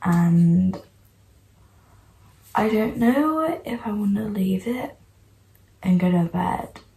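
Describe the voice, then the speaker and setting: A young woman chatting casually in a reading vlog, gushing and excitable, full of "like" fillers. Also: mid-range voice, slow pace, vocal fry, low-quality recording. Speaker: book vlogger.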